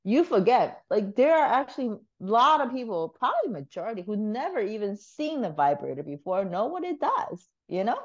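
A woman guest on a podcast telling a story in casual chat, animated, swearing freely and laughing often. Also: mid-range voice, brisk, hardly any pauses, muffled recording.

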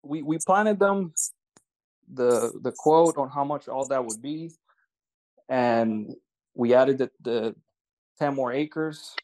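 A man's voice: mid-range voice, takes it slowly, long pauses, a little mellow, poor audio. A man in casual talk, telling a story at an easy pace, often restarting his sentences. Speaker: land investor.

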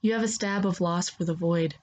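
A woman narrating a second-person story in a soft, steady voice. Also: on the low side, brisk.

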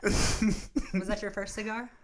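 A woman's voice: mid-range voice, steady tone, slow, a crowd in the background. A woman interviewing in casual conversation, amused and prompting with short questions.

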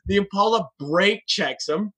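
Profane storytelling man, husky bright voice. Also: high voice, measured pace. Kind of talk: casual chat.

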